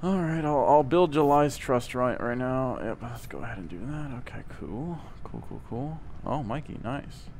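A man's voice: mid-range voice, animated, normal speed, darkish tone, slight background noise. A man streaming a game with viewers over voice chat, joking and swearing in loose banter. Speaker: streamer playing with subscribers. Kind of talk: casual gaming voice chat.

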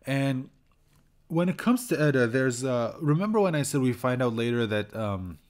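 A man giving a casual spoken review of a cartoon episode, talking haltingly with many fillers and restarts and chuckling now and then. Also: mid-range voice, lively intonation. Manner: chuckles while recounting scenes. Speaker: show reviewer.

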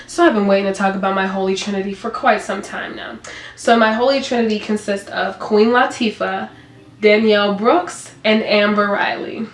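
A young woman vlogger chatting casually, telling an animated story and acting out quotes in a higher voice. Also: normal speed. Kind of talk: casual chat. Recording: echoey room with faint music.

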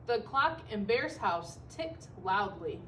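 A woman teacher reading a picture book aloud to children, expressive and stopping to comment on the pictures. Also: medium pitch, recorded from a distance, a little hiss or hum, low-quality recording. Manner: expressive, pausing to comment for young listeners.

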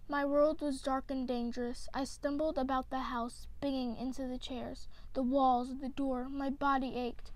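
A woman reading a children's picture book aloud, with gentle, expressive storytelling. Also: high voice, measured pace. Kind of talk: read-aloud storybook narration.

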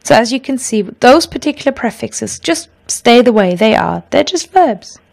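Woman language teacher, slightly high voice, patient and clear, reads example sentences aloud. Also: expressive, normal speed. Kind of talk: explaining German grammar lesson.

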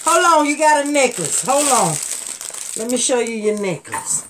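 Woman, middle-aged, live jewelry seller, casual and chatty, fairly high voice, laughs a lot. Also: normal speed, slight background noise. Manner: chatty, laughs often, swings from low murmurs to excited high bursts. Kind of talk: live selling stream, casual chat to viewers.

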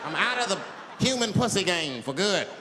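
Animated, profane male stand-up comedian. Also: high-pitched, moderate pace, noisy background. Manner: profane, animated, acts out voices. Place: large live venue. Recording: echoey hall with loud crowd.

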